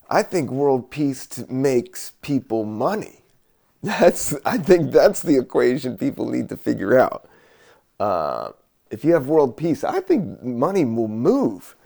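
Slow, gravelly laid-back man. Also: medium pitch, warm tone. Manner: laid-back, slow, musing with many fillers and laughs. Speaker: podcast host. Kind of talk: rambling solo podcast while doodling.

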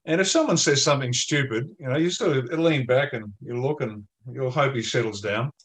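A man's voice: medium pitch, a little fast, fairly bright tone. An Australian man in an interview, blunt and emphatic, telling pub-style stories in colloquial language. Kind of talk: interview discussion.

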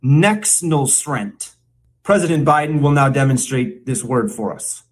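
A man hosting a podcast, presenting a mock language lesson with a teasing, drawn-out teacher delivery. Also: medium pitch, noisy background. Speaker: podcast co-host.

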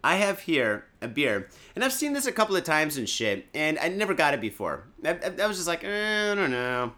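Fairly quick and very animated, this man's slightly high voice comes across bright and forceful. He's a Michigan podcast host who drinks during the day, rambles casually, swears heavily, and jokes with lots of fillers.

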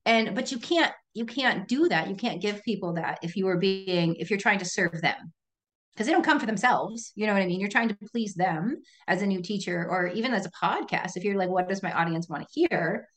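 A woman yoga teacher and podcast guest, talking in an animated, reflective way and laughing easily in a casual conversation. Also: medium pitch, fairly quick.

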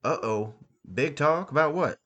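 A mouthy teenage boy with a whiny, talk-back edge, pitched well above an ordinary man's voice, as a man reads him out in a storybook. He sounds sarcastic and quick to complain. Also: expressive, a bit bright. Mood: alarmed.

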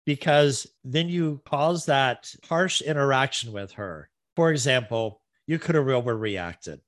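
A man's voice: mid-range voice, fairly bright tone, no room sound. A man hosting a talk show, giving earnest, instructive advice in conversation.

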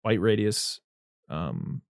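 A man's voice: lowish voice, big pitch swings, takes it slowly, creaky, no room sound, clean studio sound. A man casually recapping a film on a podcast, rambling and stopping himself, laughing often and acting out quotes. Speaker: podcast co-host.

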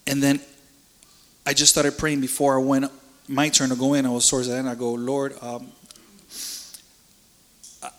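A man's voice: medium pitch, completely flat delivery, normal speed, long pauses, a bit bright. A man giving an emotional personal faith testimony in casual, earnest speech, often repeating words. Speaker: church member giving a testimony. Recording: reverberant hall.

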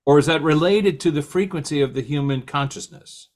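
A man's voice: on the high side, fairly quick. Man hosting, asking long questions. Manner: asks long questions, restates the guest's points. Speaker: host. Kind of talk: casual interview chat.

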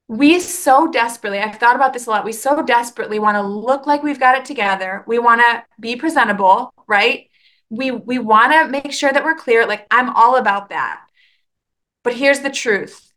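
A woman hosting a faith podcast, talking in an animated, earnest and chatty way with quick restarts. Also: on the high side. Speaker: podcast host. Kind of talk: casual faith podcast monologue.

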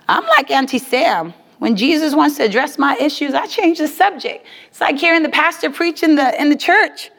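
A woman with a high voice preaches a sermon with animated emphasis, often repeating her key lines for weight. Her voice carries a long reverb, as in a large church. The delivery is lively and punchy.

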